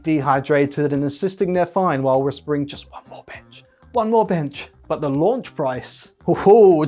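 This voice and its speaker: A man hosting a comedic tech news monologue, with punchy, jokey delivery and big swings in pitch. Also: darkish tone. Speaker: host.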